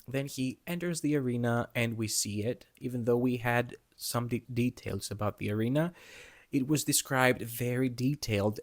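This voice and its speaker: A man with an ordinary mid-range voice chats casually through a book review. He is animated and laughs often as he wanders into side remarks. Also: medium pitch. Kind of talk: casual book talk vlog.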